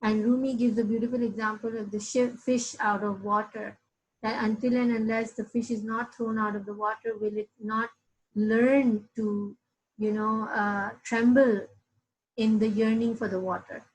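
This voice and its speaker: A woman leads a reflective spiritual lesson in a husky, breathy voice that sits a little high. Her pitch stays fairly level as she works through her thoughts slowly, with many pauses and restarts. At the close she turns to soft, pleading prayer. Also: level tone, poor audio. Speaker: Quran study teacher.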